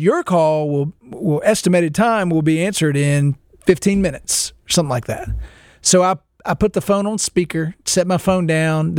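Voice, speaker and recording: A man in his thirties hosting a podcast, telling a long, rambling story in a casual, animated way and laughing as he goes. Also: a little high, no echo, studio quality. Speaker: podcast host.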